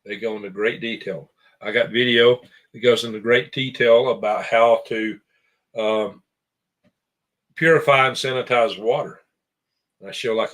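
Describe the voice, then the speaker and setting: A man's voice: medium pitch, fairly bright tone. A man chatting casually on a podcast about his channels, rambling and correcting himself as he goes. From American. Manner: rambling, self-correcting, chuckling. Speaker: show guest and channel host.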